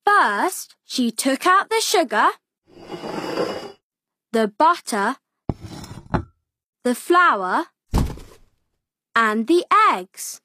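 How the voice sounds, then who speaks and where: A woman reading a picture book aloud for small children, slow and expressive. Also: high-pitched, background noise. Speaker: children's story reader.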